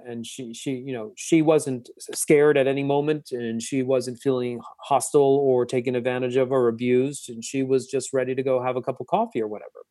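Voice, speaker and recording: A man in conversation tells a personal story in a thoughtful, halting way, often restarting his sentences. His voice sits at a middle pitch and sounds close and dry, with no room around it. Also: a little mellow, no room sound. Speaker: author and guest.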